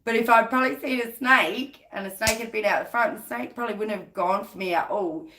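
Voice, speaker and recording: A woman's voice: a little high, brisk, background noise. A woman with an Australian accent hosting a casual live stream, chatting freely, laughing often and greeting viewers by name.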